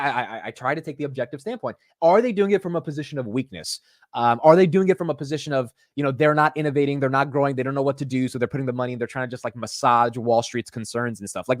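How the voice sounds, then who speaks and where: Guy hosting a market stream, talks super fast, casual and slangy, dry close mic. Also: medium pitch, dry recording. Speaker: host.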